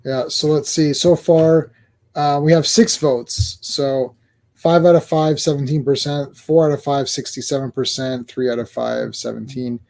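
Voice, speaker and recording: This podcast host is a man with a medium-pitched, steady, slightly mellow voice that's creaky and unhurried. On his casual wrestling show he tells long, rambling stories and laughs at himself along the way.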